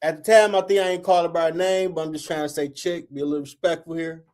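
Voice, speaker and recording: A man's voice: on the high side, steady tone, fast, darkish tone. A man in his forties, the host, telling a story casually and profanely, acting out quotes in a raised voice.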